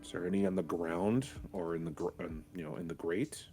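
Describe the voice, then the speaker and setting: A man's voice: sits low, brisk, darkish tone, soft background music. A man playing a tabletop game, asking questions hesitantly with many restarts. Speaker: player. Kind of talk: casual tabletop play.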